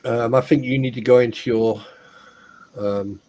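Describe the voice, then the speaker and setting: A man's voice: medium pitch, steady tone, measured pace, mellow. A man co-hosting a livestream in casual banter, crude and joking, laughing often. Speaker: livestream co-host.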